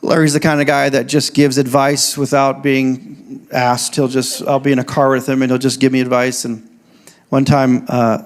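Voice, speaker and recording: A male pastor giving a sermon, reading scripture slowly and telling joking, conversational stories to his church. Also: medium pitch, level tone. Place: church service.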